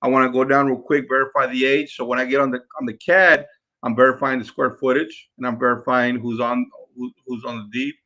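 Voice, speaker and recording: A man's voice: mid-range voice, a little fast. A man coaching his team in a casual talk, repeating himself and acting out phone calls with sellers. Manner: energetic, repeats words, acts out phone calls. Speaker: real estate investing coach.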